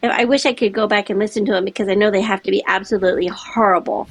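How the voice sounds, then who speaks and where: A middle-aged woman chatting as an interview guest, animated and laughing often. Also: medium pitch, quick pace. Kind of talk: casual chat.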